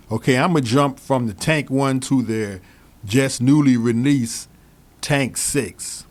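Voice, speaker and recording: A man casually reviewing microphones he switches between, repeating himself and speaking straight to his viewers. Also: mid-range voice. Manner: relaxed, repeats phrases, talks straight to viewers. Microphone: studio microphones he switches between.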